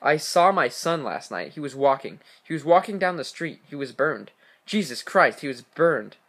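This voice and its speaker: A man reading the part of a frightened mother who calls the police while hiding in the dark. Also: on the high side, sing-song, normal speed, husky, full character voice. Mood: grieving. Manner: pleading, breathless phone caller.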